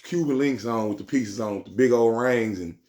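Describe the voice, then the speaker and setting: A man's voice: medium pitch, a little fast, darkish tone. A man telling a street story in casual slang, rambling and repeating himself.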